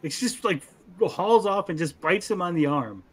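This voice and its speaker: Animated man riffing on an anime. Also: high voice, moderate pace, slightly rough. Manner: animated, acts out character quotes in funny voices. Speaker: podcast co-host. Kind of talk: casual anime review chat.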